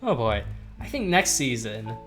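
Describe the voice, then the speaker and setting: A man's voice: medium pitch, sing-song, measured pace, music in the background. Rambling young man narrating gameplay. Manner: rambling, chatty, gushes over cute dinosaurs. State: hiccuping. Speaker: gaming YouTuber. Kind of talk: casual gameplay commentary.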